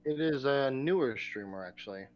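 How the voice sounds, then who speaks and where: A man helps run a live stream and answers the host in short, matter-of-fact replies. His voice sits at a middling pitch, and the sound comes through dull and lo-fi. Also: animated, moderate pace, darkish tone. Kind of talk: casual off-camera chat.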